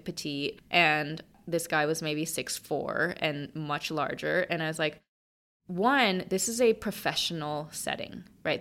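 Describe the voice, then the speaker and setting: Low-voiced woman telling a story. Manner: animated storyteller, acts out quoted lines. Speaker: podcast guest. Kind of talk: casual interview storytelling.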